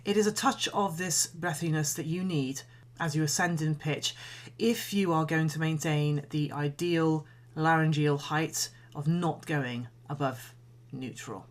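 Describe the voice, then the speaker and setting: A woman singing coach giving a calm, measured voice lesson, explaining and demonstrating breathing exercises. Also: low voice. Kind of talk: instructional voice lesson.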